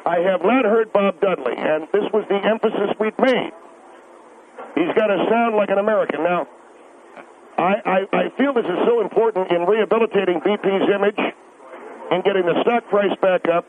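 A man's voice: high-pitched, moderate pace. A man calling in to a radio show, ranting in a rambling, insistent way, stumbling over words and repeating himself. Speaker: radio caller. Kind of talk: rambling phone-in rant. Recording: tinny phone line with faint hiss.

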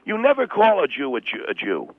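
A man's voice: sits high, wildly swooping pitch, brisk, a loud crowd, voice pushed up. A man voicing a blunt, bigoted male sensitivity trainer with a New York accent, defensive and insulting as he argues. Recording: dry tinny phone-like sound.

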